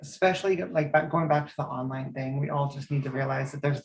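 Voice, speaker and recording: A woman's voice: rumbling low, fast. A woman in her thirties from Eastern Oregon, a guest in a casual interview, speaking earnestly and restarting her sentences.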